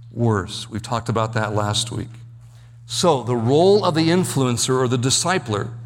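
A man's voice: medium pitch, in a large hall, a little hiss or hum. A man preaching an expository sermon as pastor, explaining Bible verses and Greek words step by step.

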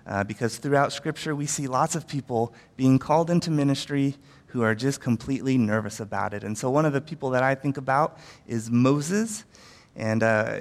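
Male pastor, mid-pitched, chatty sermon delivery with lots of um's, long room reverb. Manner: conversational, with frequent fillers and acted-out quotes.

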